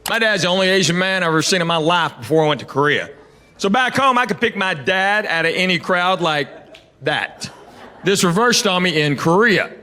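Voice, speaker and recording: A man's voice: high voice, animated, brisk, bright, forceful tone. A middle-aged man from Tennessee, doing a stand-up set and telling stories with quoted voices and playful asides to the crowd. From Knoxville, Tennessee. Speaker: stand-up comedian. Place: comedy stage with live audience.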